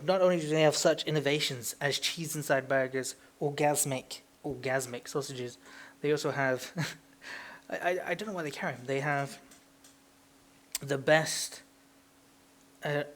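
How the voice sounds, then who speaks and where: A man's voice: a little high, a little slow. Crude rambling British podcast guy. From Britain. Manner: rambling, crude, ranting with silly impressions. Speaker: podcast co-host. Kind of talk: casual chat.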